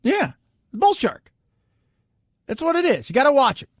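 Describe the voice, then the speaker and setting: High-voiced blunt talk radio host. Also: male voice, huge pitch swings, moderate pace, no room sound, studio quality. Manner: blunt and jokey, slips into mocking voices. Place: radio studio.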